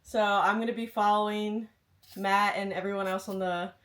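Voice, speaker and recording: A woman's voice: mid-range voice, steady tone, moderate pace, fairly bright tone. A woman operating the camera, casually explaining a behind-the-scenes project. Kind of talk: casual chat.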